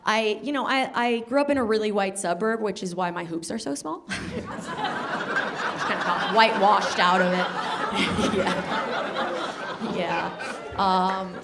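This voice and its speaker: Brash woman doing stand-up, slow delivery. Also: mid-range voice, animated. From Colombia. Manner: brash and self-mocking, teasing the crowd, laughs at her own jokes. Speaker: stand-up comedian. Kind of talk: stand-up set before a live audience. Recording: noisy live club sound with crowd laughter. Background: audience laughter.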